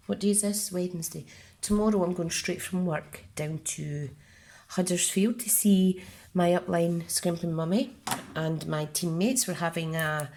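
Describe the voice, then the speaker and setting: A woman's voice: on the low side, a little mellow. A woman with a Scottish accent, chatting her way through a card-making tutorial and talking herself through each step. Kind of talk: casual crafting tutorial.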